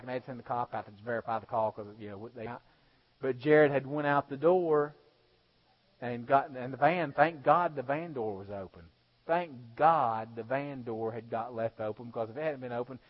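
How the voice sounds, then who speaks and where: Preacher, animated and lo-fi. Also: male voice, medium pitch, brisk. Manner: animated, acts out voices, shifts between loud preaching and hushed storytelling. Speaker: pastor. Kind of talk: sermon. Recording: dull lo-fi sound.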